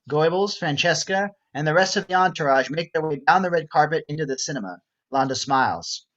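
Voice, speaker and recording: A man reads the stage directions of a script in an even, measured voice, pitched a little high. The recording is somewhat dull and lo-fi. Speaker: narrator reading stage directions. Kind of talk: script reading narration.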